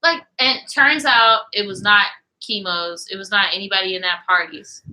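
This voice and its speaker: Bright-voiced young woman telling a wild story. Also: medium pitch, low-quality recording. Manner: animated, profane, quotes people in rapid back-and-forth. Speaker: podcast co-host. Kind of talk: casual storytelling chat.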